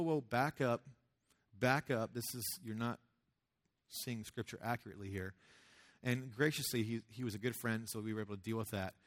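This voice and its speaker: A man preaching a casual sermon as a youth pastor, talking conversationally and acting out quoted voices. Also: mid-range voice.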